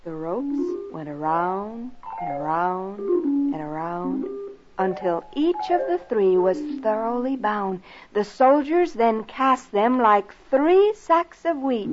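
A woman narrating a rhyming children's story and lesson in a slow, expressive, sing-song way, on a lo-fi recording. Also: on the high side. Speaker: narrator and teacher. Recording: lo-fi recording with soft music.

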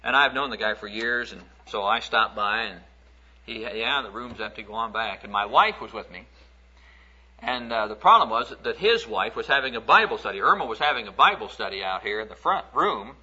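Folksy male preacher, bright lo-fi sound. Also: medium pitch, brisk, husky. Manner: folksy, conversational, animated when acting out stories. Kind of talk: sermon storytelling. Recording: dull lo-fi recording.

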